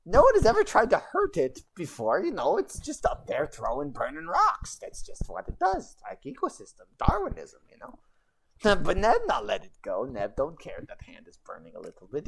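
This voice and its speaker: A woman's voice: low-pitched, gravelly, a little hiss or hum. A woman streamer telling a goblin legend in rambling, broken goblin-style grammar, with chatty asides. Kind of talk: casual livestream storytelling.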